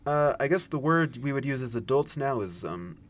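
A young man in casual podcast chat, speaking haltingly and self-consciously. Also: medium pitch, expressive, faint music behind.

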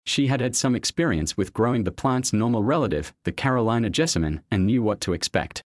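A man reads a story aloud with an animated, expressive delivery. His voice sits somewhat low and the recording is dry and close. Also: fairly quick, no echo. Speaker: narrator. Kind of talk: audiobook narration.

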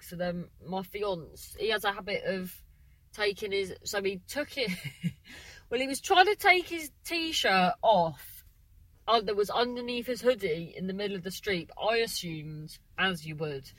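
A woman's voice: mid-range voice, fairly bright tone, dry recording, rough recording. A woman, hosting a casual solo podcast, rambling and breaking off her own sentences. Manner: rambling, chatty, keeps breaking off mid-sentence; exclamatory. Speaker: podcast host.

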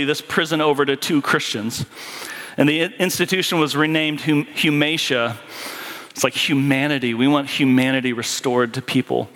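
A man delivers a sermon in a church hall, his voice a little higher than most men's. He slows down sharply on key phrases, sometimes falling almost to a murmur. A long reverb trails every line. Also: a bit bright. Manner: preaching with sudden slow, emphatic drops. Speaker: pastor.

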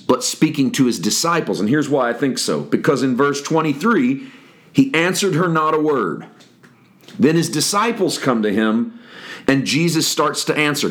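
A man with a mid-range voice teaching the Bible on his daily podcast. He explains the passage calmly and reflectively, reading the scripture aloud and then unpacking it for his listeners. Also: mid-range voice.

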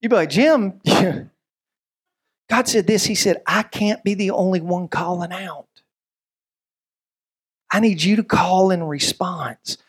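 A man's voice: high-pitched, slow pace, pauses often, slightly rough. A man preaching a sermon as pastor, conversational, with stammered restarts, acting out little voices and quotes. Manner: lively, acts out voices and quotes.

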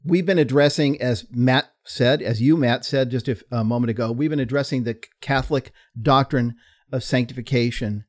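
Measured teacherly male co-host. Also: mid-range voice. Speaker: podcast co-host. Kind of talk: explaining doctrine in conversation.

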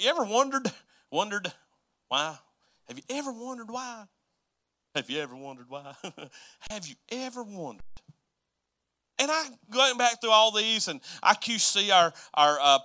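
High, bright pastor. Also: male voice, clean tone. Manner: folksy, self-deprecating, talks to the congregation. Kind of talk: sermon. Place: church sanctuary.

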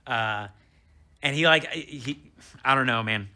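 A man in his thirties, a comedian guest, telling a story in casual chat, animated and swearing as he acts out what people said. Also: medium pitch, slow pace.

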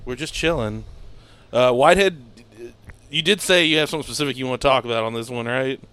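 A young man hosts a podcast in easygoing chat and keeps nudging his co-host to get on with it. His voice is bright and smooth. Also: medium pitch, fast. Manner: laid-back, prompting the others. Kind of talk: casual chat.

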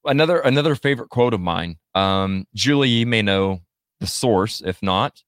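A man hosting a live podcast in a casual, halting way, reading out listener comments and answering them. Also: lowish voice, lively intonation, clear, resonant tone, no room sound, studio quality. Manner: halting, many fillers and restarts. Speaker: podcast host. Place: Missouri area studio.

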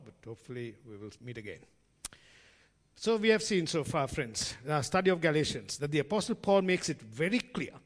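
A fairly high-pitched male preacher gives an animated sermon in a large church hall with long reverb. He speaks conversationally, treating the congregation as friends, and acts out the voices of people in his stories.

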